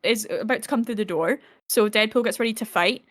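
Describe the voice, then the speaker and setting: A woman with a slightly high voice chats casually and excitably. She swears freely and retells scenes with a lot of gusto. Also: fairly quick. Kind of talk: casual chat.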